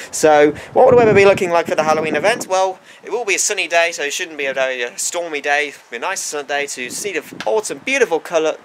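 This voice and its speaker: With slight background noise, a man with a fairly high voice presents a homemade weather forecast in a put-on American accent. He rambles, often restarting and correcting himself mid-sentence.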